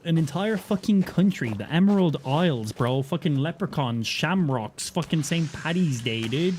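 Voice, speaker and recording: A man's voice: fairly high pitch, animated, moderate pace, a little mellow, slight background noise. An Irish man chatting casually and cursing freely while he streams gameplay and jokes around. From Ireland. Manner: chatty, profane, joking.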